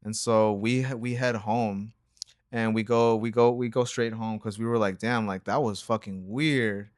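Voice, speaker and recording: A young man who co-hosts a reaction channel tells a story in a laid-back, rambling way, packed with slang and fillers. His voice is fairly low, with fairly even intonation and a moderate pace, recorded in studio quality without room sound.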